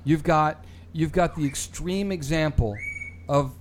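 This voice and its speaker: A fairly high-pitched man leads a loose panel conversation with strong opinions. He often restarts his sentences with repeated words. Faint background ambience sits under his voice. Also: measured pace, a little hiss or hum. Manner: opinionated, repeats words when starting a thought. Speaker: show host. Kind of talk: casual panel chat.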